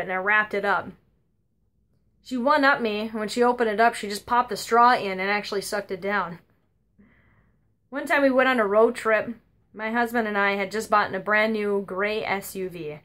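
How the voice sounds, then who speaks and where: A woman's voice: mid-range voice, a bit bright. A woman giving a eulogy for her grandmother, telling anecdotes in a conversational, wry way at a funeral service. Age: adult. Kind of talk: humorous eulogy storytelling.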